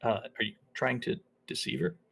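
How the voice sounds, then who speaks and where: A man narrating as game master of a tabletop game, relaxed and halting, with many fillers. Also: medium pitch, creaky, breathy edge.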